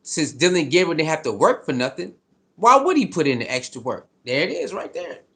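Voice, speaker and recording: A man's voice: fairly high pitch, big pitch swings, fairly quick, vocal fry, fairly bright tone. Fired-up man ranting about football. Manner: fired-up, profane, repetitive. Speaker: sports commentator. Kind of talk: heated sports commentary rant.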